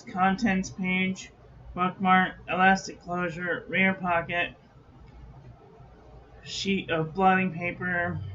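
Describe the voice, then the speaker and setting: A man's voice: high voice, pushed and bright, dull audio, slight background noise. A man hosting a casual product review vlog from his own room at home, chatty and reading product details aloud in clipped lists. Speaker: host.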